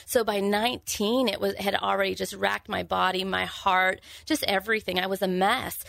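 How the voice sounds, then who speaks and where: A woman, giving an earnest, halting personal testimony in an interview, with frequent restarts. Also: mid-range voice, fairly even intonation, gravelly, a bit bright, no echo. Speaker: guest sharing her testimony.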